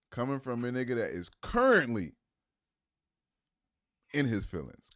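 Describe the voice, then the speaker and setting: Brief: male streamer, live reaction, cussing, scoffing, mid-pitched voice. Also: wildly swooping pitch, unhurried, pauses often, fairly bright tone. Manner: profane, mocking, incredulous.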